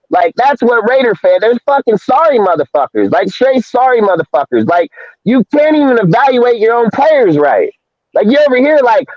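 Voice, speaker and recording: A man's voice: sing-song, moderate pace, darkish tone, dry recording. Profane ranting man on a dull mic. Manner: profane, ranting, swings between high and low pitch. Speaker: podcast co-host. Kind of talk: heated sports call-in rant.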